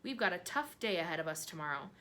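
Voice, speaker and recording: A woman voicing an elderly male grasshopper, slow and scornful in a dignified way, for a storybook. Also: lowish voice, animated, fairly bright tone.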